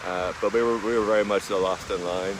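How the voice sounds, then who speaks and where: An Irish man, a vlogger with a lowish voice, delivers a deadpan comic monologue. He speaks slowly with plenty of drawn-out fillers, recorded outdoors with wind noise behind him.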